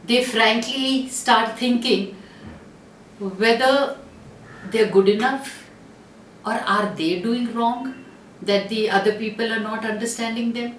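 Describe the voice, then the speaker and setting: A woman's voice: fairly high pitch, a little slow, distant mic. Woman astrologer, chatty and earnest, lots of um and uh, roomy echo, faint hum behind. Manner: earnest, chatty, many fillers and restarts. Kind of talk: casual talk to camera.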